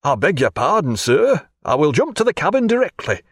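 Man doing a high, flustered ship's officer. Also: very animated, a little fast, breathy edge, no echo, clean studio sound, full character voice. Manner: high, eager, flustered exclamations. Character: bluff, excited ship's officer, adult man.

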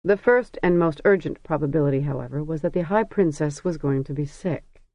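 An audiobook narrator reading a novel in a measured, even storytelling manner. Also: mid-range voice, dry recording. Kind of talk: scripted narration.

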